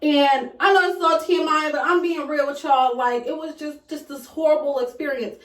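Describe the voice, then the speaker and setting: A young woman vlogger, casually retelling a personal story with dramatic, loud acted quotes. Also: high voice, fairly even intonation, moderate pace. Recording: echoey room, voice a bit far from mic.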